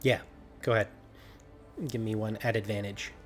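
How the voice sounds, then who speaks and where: A man narrating as game master of a tabletop game online, animated and often laughing, with many fillers. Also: lowish voice, normal speed, soft background music.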